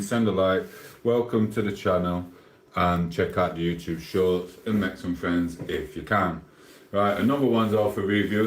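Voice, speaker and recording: A man's voice: lowish voice, roomy sound, low-quality recording. A man chatting casually on a live stream, reading viewers' messages aloud and answering them bluntly and offhand. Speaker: livestreamer.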